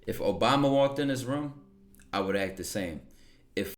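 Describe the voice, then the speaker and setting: A man's voice: mid-range voice, lively intonation, moderate pace. A man hosting a live stream, talking casually and rambling, often checking in with his audience. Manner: laid-back, rambling, keeps checking in with "right?". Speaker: livestream host.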